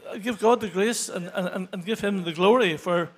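A man's voice: high voice, slightly rough. Earnest sixties man with a raised voice. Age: 60s. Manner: halting, many restarts and fillers; earnest, grows emotional toward the end. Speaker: church member giving testimony. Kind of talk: unscripted testimony. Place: church.

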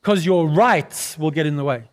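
A male pastor preaching a sermon who keeps putting questions to the congregation and asking for an amen, clearing his throat now and then. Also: a little high, moderate pace. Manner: calls for responses from the congregation, often asks questions.

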